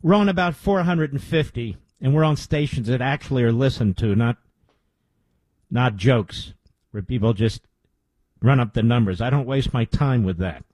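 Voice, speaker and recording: A man's voice: mid-range voice, animated, moderate pace, darkish tone, dry recording, low-quality recording. A man hosting a radio talk show, speaking in an emphatic, self-assured on-air monologue.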